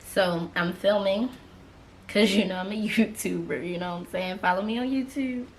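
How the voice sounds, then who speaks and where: A woman's voice: medium pitch, normal speed, a little hiss or hum. A young woman who is an author and YouTuber, talking casually with lots of slang while unboxing, emotional, laughing and gasping between exclamations. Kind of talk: excited unboxing vlog.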